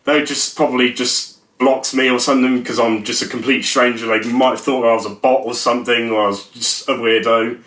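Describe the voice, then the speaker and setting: A man's voice: mid-range voice, steady tone, brisk, few pauses, a bit bright. A young man rambles through a casual vlog, joking at his own expense. His voice sits in a middling register. The room around him is noticeably echoey. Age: young adult. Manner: jokey, rambling, self-mocking. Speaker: YouTuber.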